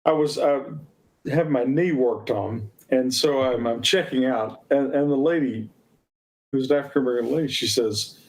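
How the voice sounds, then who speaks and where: A man joining a casual chat over a video call, telling a story in a halting way and often repeating words as he starts. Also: medium pitch. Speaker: guest.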